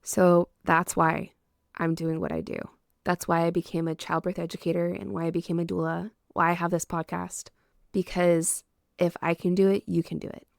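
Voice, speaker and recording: A woman's voice: on the low side, gravelly, a little mellow, no room sound, clean studio sound. A young woman hosting a podcast, a doula and childbirth educator telling her own birth story in an earnest, heartfelt, emphatic way. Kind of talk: personal storytelling monologue.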